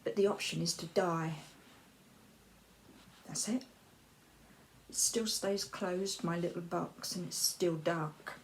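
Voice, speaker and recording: A woman speaking slowly in a soft, halting personal monologue, sometimes dropping into an unvoiced whisper and repeating her words. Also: fairly low pitch, steady tone, slight background noise. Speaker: vlogger sharing personal experience.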